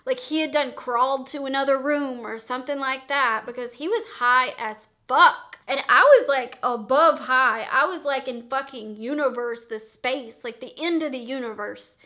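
A young woman vlogger telling a dramatic story in a casual, profane, animated way. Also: high voice, moderate pace, few pauses.

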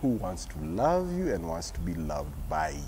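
A woman pastor teaching children in a Sunday school show, animated and expressive. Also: normal speed, noisy background. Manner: animated, acts out little quotes, sweeping pitch.

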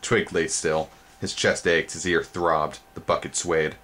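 Deep-voiced man reading a storybook dramatically. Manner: theatrical, sudden pitch jumps on exciting words; pauses to show the book's pictures. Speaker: storybook reader.

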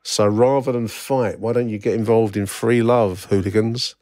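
Wry rambling English podcast host. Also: male voice, lowish voice, fairly even intonation, normal speed, a little mellow, dry recording, studio quality. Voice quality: wry, rambling, many fillers and restarts. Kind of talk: casual solo podcast commentary.

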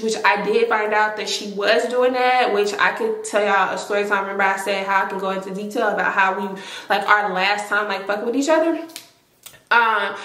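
A young woman, casually telling a storytime to camera, animated and swearing freely. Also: medium pitch. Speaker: storytime vlogger. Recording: echoey room.

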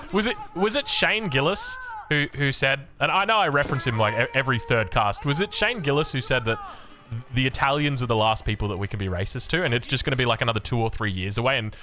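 A man's voice: mid-range voice, fast. An Australian man giving casual strategy game commentary, joking and poking fun at himself between plays. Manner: animated, joking, self-mocking asides. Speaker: game caster.

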